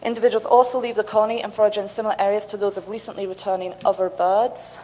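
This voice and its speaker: A woman's voice: mid-range voice, level tone, fast, dark tone. A woman finishing her conference talk and thoughtfully answering an audience question. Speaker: conference speaker. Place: lecture hall. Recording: reverberant hall with faint noise.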